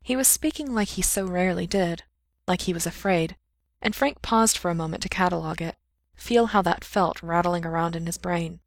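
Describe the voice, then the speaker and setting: A woman with a slightly low voice reads a fiction audiobook aloud. The recording is dry and close. She acts out the characters' cries and whispers as she goes. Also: normal speed, no echo. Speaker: narrator.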